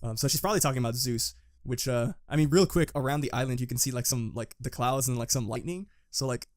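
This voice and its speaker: A man co-hosting a casual fan podcast, excitable and quick to laugh. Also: medium pitch, no room sound, studio quality. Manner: laughs often, excitable, loose. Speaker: podcast co-host.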